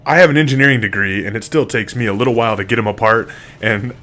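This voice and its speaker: A man's voice: fairly low pitch, fast talker, pushed and bright. A man casually telling a rambling story to camera, full of fillers, restarts and swearing. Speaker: single father vlogger.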